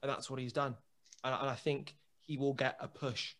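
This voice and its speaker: A man, a guest telling a lively anecdote in casual chat, full of restarts and acted dialogue. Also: mid-range voice, normal speed. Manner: lively storyteller, many restarts and quoted dialogue.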